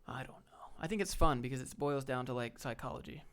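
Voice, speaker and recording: Talking fast in a medium-pitched voice, a livestream host bluntly chats about job hunting and responds to viewers, relaxed and casually swearing. The audio has a little hiss or hum.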